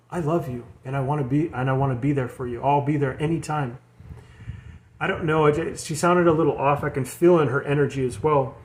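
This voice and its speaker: Slightly high-voiced rambling male tarot reader. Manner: rambling, repeats words and restarts. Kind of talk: casual spiritual talk to viewers.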